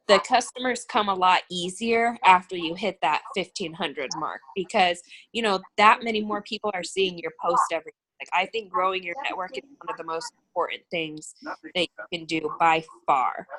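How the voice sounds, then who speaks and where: A woman talks casually as a guest on a video call, full of "like" and "um" and quick to laugh. She talks about leading her team in a relaxed, conversational way. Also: on the low side, slight background noise, low-quality recording. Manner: chatty, filler-heavy, laughs easily.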